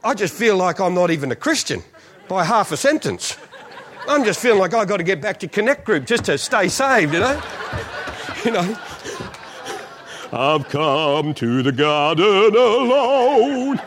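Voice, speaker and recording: A man's voice: sits high, very animated, normal speed, a bit bright, a little hiss or hum. A male pastor preaching a sermon as a comic, self-mocking story, often laughing through his lines.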